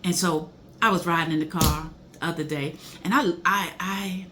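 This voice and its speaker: A woman's voice: fairly low pitch, fairly even intonation, normal speed, noisy background. A middle-aged woman giving a faith-based motivational talk, speaking in an emphatic, preachy way and breaking into exclamations.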